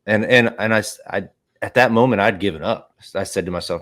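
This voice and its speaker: Deep-voiced man hosting a podcast. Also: fairly quick. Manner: energetic, rambling asides. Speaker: podcast host, business owner. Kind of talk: conversational interview.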